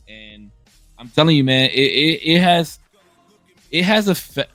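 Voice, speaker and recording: A man's voice: a little high, expressive, a little slow, long pauses, a bit bright, no room sound, soft background music. A man in his thirties talking candidly in a casual conversation, emphatic and blunt, often restarting his sentences. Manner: emphatic, frequent profanity and restarts.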